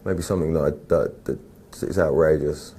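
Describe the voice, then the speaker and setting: Low, dark-voiced English man, slow and dry. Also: slight background noise. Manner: slow, measured, dry and teasing. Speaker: actor being interviewed. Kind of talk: casual interview answers.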